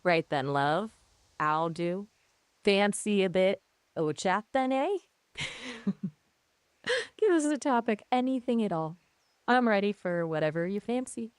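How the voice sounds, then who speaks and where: A woman's voice: medium pitch, animated, slow, pauses often, clean tone, no echo. A synthetic woman's voice giving a chirpy, chatty imitation of a Northern English accent. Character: chatbot putting on a cheery Northern English accent.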